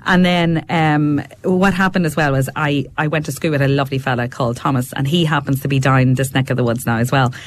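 A woman's voice: very deep voice, fairly even intonation, a little fast, hardly any pauses. A middle-aged woman with a Fermanagh accent, chatting as a radio guest in a studio, telling family stories and laughing often. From Fermanagh, Northern Ireland. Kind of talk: casual chat.

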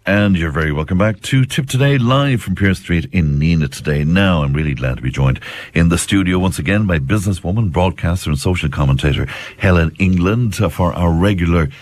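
A man's voice: deep voice, lively intonation, brisk. A man hosting a live radio chat in a studio, asking curious questions and laughing along. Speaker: radio host.

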